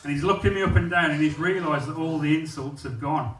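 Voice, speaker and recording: A man does stand-up comedy, cheeky and crude in his storytelling. His voice sits fairly high and rings out in an echoey club. The mic catches him from a distance, with a clear audience murmur around him. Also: brisk, fairly bright tone, slight background noise. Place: comedy club stage, indoors.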